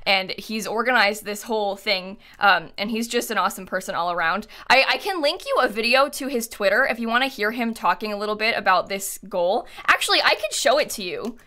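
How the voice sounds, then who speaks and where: A woman's voice: mid-range voice, lively intonation, bright, forceful tone. A young woman live-streaming, chatting casually with lots of fillers and little laughs, reading out donations. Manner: quick, giggly, lots of fillers.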